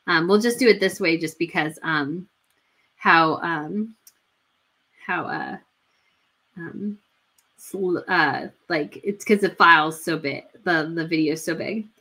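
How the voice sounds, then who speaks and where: A woman's voice: lowish voice, a little slow, sharp tone, slightly rough. A woman hosting a casual livestream, gushing and chatty, with many fillers and restarts. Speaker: royal news livestream host.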